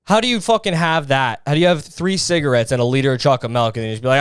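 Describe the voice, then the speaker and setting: A man's voice: medium pitch, rapid-fire, hardly any pauses, clean tone, no echo, studio quality. A young man hosting a solo podcast, ranting in an exasperated, profane way about other people's habits. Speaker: podcast host.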